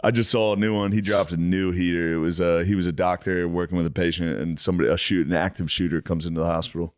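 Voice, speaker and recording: A man's voice: low voice, steady tone, quick pace, dry recording, clean studio sound. A man co-hosting a podcast, chatting casually and animatedly, often laughing and mimicking people he describes. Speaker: podcast co-host. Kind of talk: casual chat.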